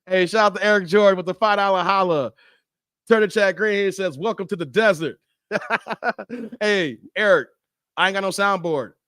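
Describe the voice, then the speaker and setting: A man's voice: high-pitched, moderate pace, long pauses, a bit bright, smooth, no echo, clean studio sound. A man hosting a casual live stream, joking loosely with his chat and laughing often. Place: Las Vegas.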